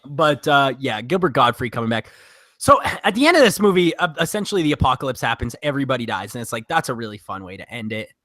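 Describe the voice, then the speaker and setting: A man's voice: medium pitch, quick pace, no room sound, studio quality. A man co-hosting a casual movie review podcast, swearing freely and acting out scenes from the films. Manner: animated, swears, acts out scenes in voices. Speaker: podcast co-host.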